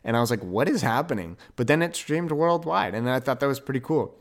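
A young man hosting a podcast, telling a rambling story with quick self-corrections and an upbeat, animated manner. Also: medium pitch. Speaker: podcast host. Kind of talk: casual monologue.

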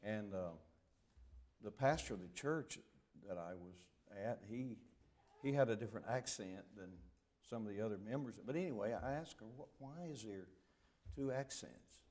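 A man's voice: fairly low pitch, expressive, normal speed, a little mellow. An older man with a Southern Alabama accent, a visiting preacher telling folksy, joking stories from the pulpit on a church microphone. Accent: Southern US, Deep South Alabama. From southern United States. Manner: joking, storytelling, drawling. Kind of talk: folksy sermon introduction. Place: church sanctuary.

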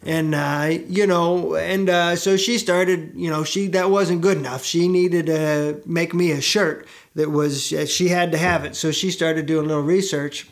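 Middle-aged guy hosting his own show, rambly and chatty, lots of uhs, voice sits a bit high. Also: fairly even intonation, measured pace, few pauses. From United States. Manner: chatty, self-deprecating, digressive with many fillers. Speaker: show host and musician. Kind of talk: rambling casual storytelling to camera.

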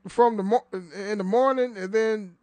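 A young podcast host talks alone in a high-pitched, slightly mellow voice, unhurried and fairly even in intonation. He rambles, swears, laughs often, and restarts his sentences, all in a dry recording.

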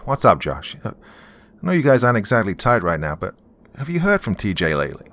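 A man voicing a jumpy, nervous younger man who talks in an anxious, hurried way, pitched well above his own voice and louder. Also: huge pitch swings, full character voice.

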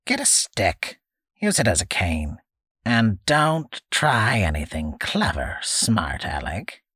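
A snarling, toothless old hermit with a cracking, hissing voice and little warmth in it, as a man narrating puts him on. He drags out his threats slowly and lets them drop low, rasping through his gums, and the reading sits close and dry. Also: very animated, no echo, exaggerated voice. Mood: menacing.

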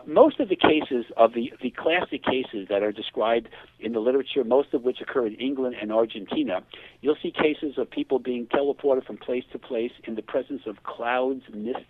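A man being interviewed as a hypnotherapist guest, telling cases in a lively way and acting out the quoted speech. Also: mid-range voice, normal speed, no room sound. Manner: animated, acts out quoted dialogue. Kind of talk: phone interview storytelling. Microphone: telephone. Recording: tinny dry phone line.

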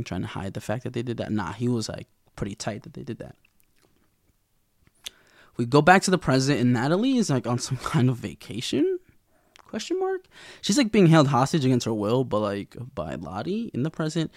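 A man's voice: mid-range voice, no echo, clean studio sound. A young man recapping a TV episode in a rambling, casual way, full of slang and swearing. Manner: rambling, profane slang, lots of fillers. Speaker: TV recap vlogger.

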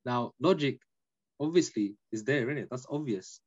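Man, podcast guest, storytelling, emphatic and chatty, mid-low voice, lo-fi dull recording. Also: moderate pace. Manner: animated, emphatic, peppered with "innit" and "you know". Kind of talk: casual storytelling chat.

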